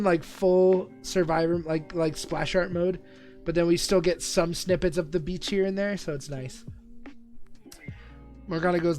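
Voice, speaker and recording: Excitable young man streaming, swearing freely. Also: fairly high pitch, moderate pace, faint music behind. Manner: excitable, profane, rambling banter with frequent laughs. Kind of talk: live stream reaction commentary.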